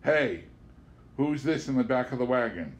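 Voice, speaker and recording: A male narrator voices a startled man who yells out in alarm. It sounds like a plain voice raised in surprise. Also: mid-range voice, animated, moderate pace, muffled recording, close to an everyday voice. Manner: yelling, alarmed. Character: startled man shouting a question.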